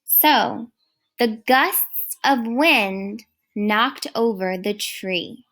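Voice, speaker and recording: A woman teaching a recorded first grade phonics lesson, speaking clearly and praising often. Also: a little high, animated, fairly bright tone. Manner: slow, clear, encouraging teacher talk.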